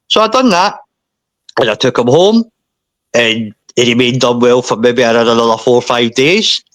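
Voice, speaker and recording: A man, a podcast guest, recounting a painful personal story in a halting way, often repeating himself and saying mate. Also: medium pitch, fairly bright tone, no echo.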